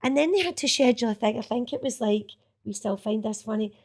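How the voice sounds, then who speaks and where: A woman's voice: a little high, quick pace. A middle-aged woman with a Scottish accent, an actress chatting casually about her old work and laughing and swearing as she goes. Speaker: actress guest. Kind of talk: casual reminiscing chat.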